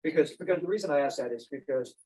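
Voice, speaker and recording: A man's voice: a little high, fast, warm tone, slightly rough, poor audio. A man acting as prosecutor, cross-examining a defendant in a courtroom with methodical questions.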